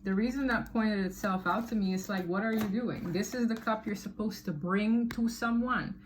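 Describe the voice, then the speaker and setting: A woman giving a casual tarot reading to camera, chatty and animated, often laughing and exclaiming. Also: mid-range voice, moderate pace, noisy background. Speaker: tarot reader.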